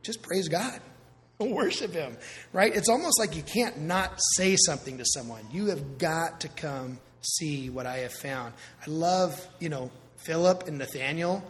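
Pastor, male, lively conversational sermon delivery; voice a touch high, church-hall reverb. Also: a little slow. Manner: conversational, animated preaching with asides.

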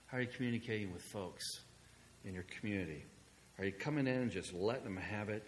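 A male pastor preaching a sermon in a conversational storytelling manner, moving between hushed asides and loud, excited passages. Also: fairly low pitch, fast talker, long reverb tail, a little hiss or hum.

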